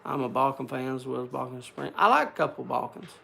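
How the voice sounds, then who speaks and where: Gravelly older man chatting casually. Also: mid-range voice, fast talker, a bit bright, slight background noise. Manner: rambling, folksy, self-deprecating. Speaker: livestream host. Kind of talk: casual chat to viewers.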